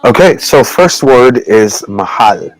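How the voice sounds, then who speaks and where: A man co-hosting a casual video call chat, teaching Tagalog words in a halting, rambling way with many fillers and frequent laughs. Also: medium pitch, expressive, music in the background, rough recording. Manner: laughs often between words.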